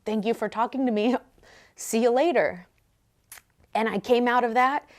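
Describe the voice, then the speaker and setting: A woman in her thirties, a vlogger telling a personal story in an animated, candid and conversational way. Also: fairly high pitch.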